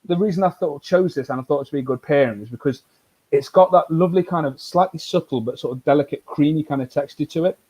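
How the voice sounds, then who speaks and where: A man hosting a casual live whisky tasting, talking in a relaxed, rambling way with many fillers and restarts. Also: on the high side, quick pace, slightly rough, muffled recording. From United Kingdom.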